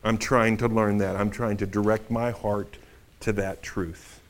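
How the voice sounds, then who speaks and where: A male pastor preaching a sermon in a conversational, animated storytelling way. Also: on the low side, a little slow.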